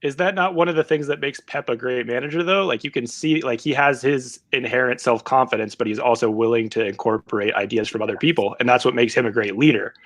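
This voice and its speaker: A man co-hosting a casual football podcast, talking in a hesitant, reasoning way with many pauses and restarts. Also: medium pitch, fairly bright tone, no room sound. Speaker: podcast co-host. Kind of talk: casual chat.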